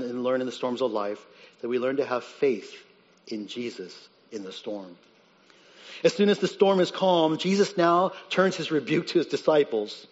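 A man preaching a sermon as pastor, earnest and emphatic, rising on key points and dropping low and quiet on others. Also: in a large hall, lo-fi sound.

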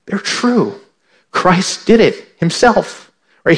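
A man's voice: fairly high pitch, sing-song, slow. A male pastor preaching a sermon, asking "right?" again and again and repeating his key points for emphasis. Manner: acts out imagined indignant listeners with a raised voice.

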